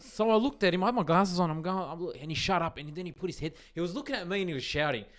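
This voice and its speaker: An Australian man on a podcast telling a long, rambling anecdote, animated and sweary, with lots of restarts. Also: sits high, racing. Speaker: podcast co-host. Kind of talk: casual chat.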